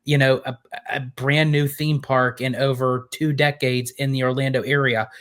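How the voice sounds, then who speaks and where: A man's voice: medium pitch, flat delivery, normal speed, a bit bright. A man co-hosting a casual podcast, chatting easily with laughs and some self-deprecation. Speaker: podcast co-host. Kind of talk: casual chat.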